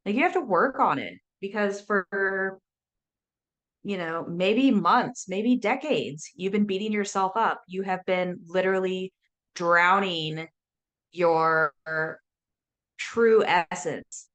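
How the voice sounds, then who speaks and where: A woman sober coach talking in a casual podcast chat, animated and chatty, full of "like"s, acting out her own inner voice. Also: mid-range voice, slow pace.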